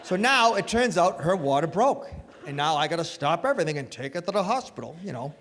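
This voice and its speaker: A middle-aged male stand-up comic with a fairly high voice tells animated stories from a club stage and shouts his punchlines. He is recorded live, and his voice rings through a long hall echo. Clear room noise hangs behind him. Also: brisk. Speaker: stand-up comedian. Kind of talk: stand-up comedy set. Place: comedy club stage before a live audience.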